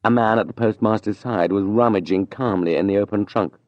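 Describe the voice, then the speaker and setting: A man narrating an audiobook in a measured, even storytelling manner. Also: fairly low pitch, dry recording, highs cut off.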